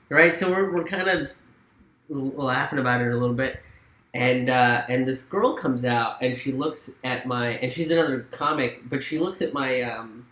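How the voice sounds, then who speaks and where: A man's voice: mid-range voice, normal speed, bright, forceful tone, echoey room. A man who is a comedian and immigrant, telling stories in a casual political chat and laughing between lines. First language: not English. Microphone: video call.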